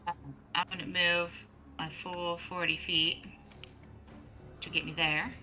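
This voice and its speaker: A woman's voice: lowish voice, flat delivery, a little slow, sharp tone, soft background music, poor audio. A woman player in a tabletop game, talking tentatively and unsure of herself. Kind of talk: casual game chat.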